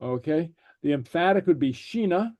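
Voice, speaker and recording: A man teaching a language class, pausing often with fillers and repeating each word for his students. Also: fairly high pitch, animated, a little mellow, dry recording. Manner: halting, many fillers, repeats words for students.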